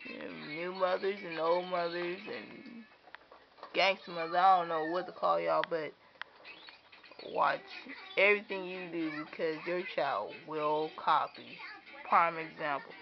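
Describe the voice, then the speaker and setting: Mom on a home camcorder, sing-song coaxing, slow talk, dull muffled sound. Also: female voice, fairly low pitch, fairly even intonation, gravelly, soft background music. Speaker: mother filming her toddler. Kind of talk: casual home video chat. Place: home, bedroom at night. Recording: dull lo-fi home camera recording.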